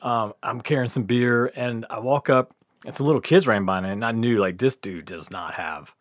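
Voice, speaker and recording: A man's voice: medium pitch, normal speed, no room sound, clean studio sound. A man casually telling a long, funny story, laughing often, swearing, and acting out what people said. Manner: animated, laughing, swears often, acts out quotes. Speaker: podcast guest storyteller.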